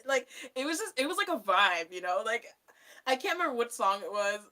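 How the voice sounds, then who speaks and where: A young woman with a bright, clear tone talks loosely into a desk mic, full of fillers and quick laughs. Her chat rambles in an easy, unscripted vlog way. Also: on the high side, very animated. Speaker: YouTuber reading a book aloud.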